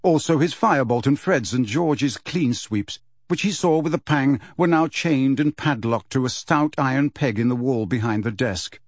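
A man reading a children's fantasy novel aloud as narrator, in a measured storytelling manner. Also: medium pitch, no echo, clean studio sound. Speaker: audiobook narrator. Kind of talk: scripted narration.

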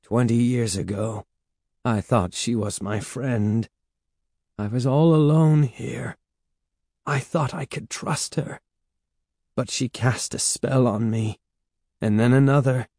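A man's voice: medium pitch, slow, long pauses, a little mellow, dry recording, clean studio sound. A man reading a storybook and voicing a frightened, remorseful middle-aged woman held as a servant, who talks in a sorrowful, pleading way. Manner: pleading, sorrowful, then defiant.

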